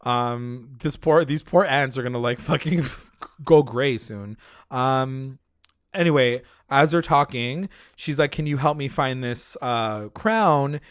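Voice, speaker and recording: A man's voice: mid-range voice, slow pace, clear, resonant tone, dry recording, studio quality. A young man co-hosting a casual recap podcast, rambling with lots of fillers and casual swearing. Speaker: podcast co-host. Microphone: podcast mic.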